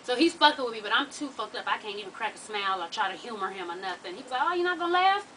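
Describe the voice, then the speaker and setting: A woman's voice: mid-range voice, rapid-fire, recorded from a distance, slight background noise, rough recording. A woman telling a long story to her viewers, laughing and swearing freely. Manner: profane, animated, laughs while telling. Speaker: vlogger.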